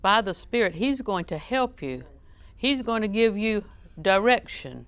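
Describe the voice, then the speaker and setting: Chatty woman preaching with a smooth voice. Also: medium pitch, very animated, unhurried, a bit bright. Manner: conversational and joking, questions the audience. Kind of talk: sermon.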